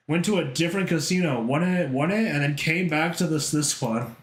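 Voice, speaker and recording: A man's voice: fairly high pitch, moderate pace, roomy sound. A man chatting casually while drawing on a livestream, rambling, swearing a lot and laughing often. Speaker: art streamer.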